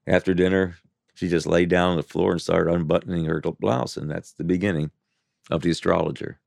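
A man in his seventies telling his life story in an interview, halting and full of restarts and "you know" fillers. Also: low-pitched, level tone, creaky, a little mellow. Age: 70s.

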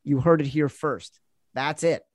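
A male podcast host with a fairly high voice teases his guest and runs the show in a brisk, chatty way. The sound is dry and close, with no room echo. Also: steady tone. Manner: teasing, brisk wrap-up. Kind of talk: casual podcast chat.

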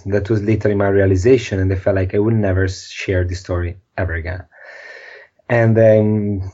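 A man's voice: fairly low pitch, dark tone, muffled recording. Earnest man telling a story. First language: Italian. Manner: earnest, non-native phrasing, restarts words. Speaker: podcast guest. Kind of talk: emotional storytelling.

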